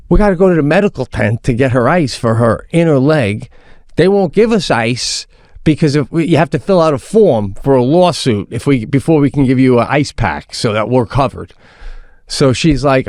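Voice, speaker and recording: Guy co-hosting a podcast, animated storyteller, swears a lot, voice jumps all over, dry close mic. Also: a little high, normal speed, no echo. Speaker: podcast co-host. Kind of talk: casual chat.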